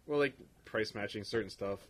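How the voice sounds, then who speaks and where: A man's voice: on the low side, brisk, fairly bright tone. A young man, still a student, chatting casually on a podcast in a laid-back, rambling way full of fillers. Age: young adult. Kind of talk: casual chat.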